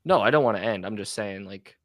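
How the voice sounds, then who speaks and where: A man's voice: fairly low pitch, fast, a bit bright, dry recording. A man co-hosting a podcast, reading ghost stories aloud and stumbling over some words. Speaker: podcast co-host.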